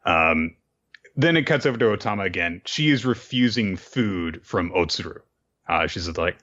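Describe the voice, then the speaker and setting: Guy with a low voice recapping stuff on a podcast, super animated, swears a lot, muffled lo-fi audio. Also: moderate pace. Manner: animated, acts out scenes, swears. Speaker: podcast co-host. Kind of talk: casual recap chat.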